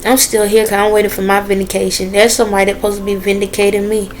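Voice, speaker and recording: A woman talking straight to her viewers in a casual, earnest and preachy way, with relaxed dialect grammar. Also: mid-range voice, slight background noise, low-quality recording. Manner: dialect grammar, drawn-out phrasing. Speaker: vlogger. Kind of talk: casual direct-to-camera talk.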